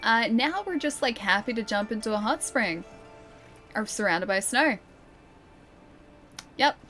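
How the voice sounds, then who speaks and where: A woman's voice: a little high, animated, a little slow, pushed and bright, soft background music. A young woman streaming a game, chatting casually and giggling as she thinks aloud. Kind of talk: casual gameplay commentary.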